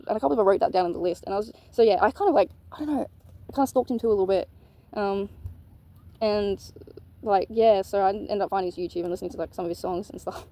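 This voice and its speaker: A woman tells a personal story at a rapid clip, jumping between thoughts. Her voice is mellow and darker than most, with frequent swearing and an excitable, scattered energy. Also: mid-range voice. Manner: rambling, excitable, swears often. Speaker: vlogger. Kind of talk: casual storytime monologue.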